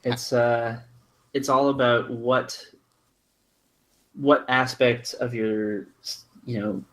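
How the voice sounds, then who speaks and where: A man with a Californian accent, a podcast guest who explains his points at length in a measured, casual way. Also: medium pitch, fairly even intonation, fairly bright tone. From Arizona and California, USA.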